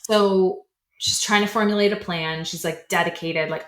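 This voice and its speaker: A woman's voice: fairly low pitch, fairly even intonation, moderate pace, a bit bright. A young woman co-hosting a podcast, casually recapping a scary story with lots of "like"s and acted-out lines. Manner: retells a story casually with many "like"s, acting out lines. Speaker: podcast co-host. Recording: echoey room.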